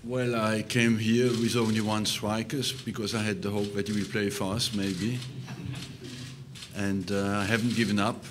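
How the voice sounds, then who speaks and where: Low, flat-voiced older man. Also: noisy background. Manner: hesitant, with many drawn-out fillers. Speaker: football manager. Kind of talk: press conference answers.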